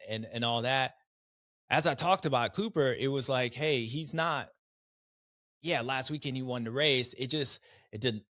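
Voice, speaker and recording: A man's voice: mid-range voice, a bit bright, no room sound, studio quality. A man hosting a casual race recap, rambling with slang and restarts and acting out riders' voices in quotes. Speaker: podcast host, former racer.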